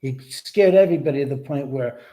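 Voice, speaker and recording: A livestream host with a warm, mid-range voice talks fairly quickly in a casual chat from home. He rambles and curses freely, chatting with his dog and replying to viewers.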